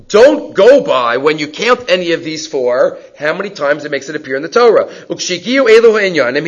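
A Torah teacher with a high, fairly bright voice gives a lesson on Jewish law, reading Hebrew passages aloud and explaining them emphatically in English. The recording is dull and lo-fi.

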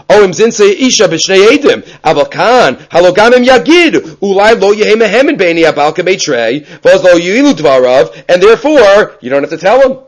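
A man teaching a Talmud class, reading Hebrew and Aramaic passages aloud and explaining them in English with animated storytelling. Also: sits high, poor audio. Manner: animated storyteller, many restarts.

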